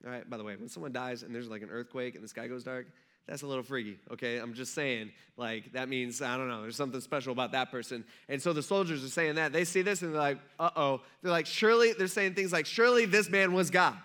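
Bright-voiced conversational male pastor. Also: medium pitch, steady tone, fast. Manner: conversational storytelling preacher, acting out crowd voices. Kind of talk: sermon.

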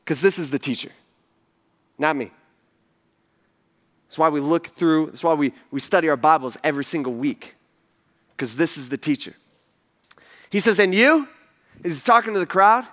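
A man's voice: on the high side, moderate pace, long pauses. A male pastor giving a sermon to his congregation, telling stories with casual asides and humor. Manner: animated storytelling with asides to the congregation. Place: church stage before a congregation.

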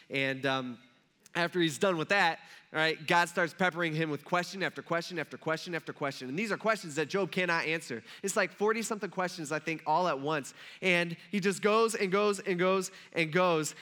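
A man's voice: a little high, normal speed, sharp tone. A man preaching a sermon, retelling a scripture story in a conversational way with rhetorical asides to the listeners. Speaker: pastor.

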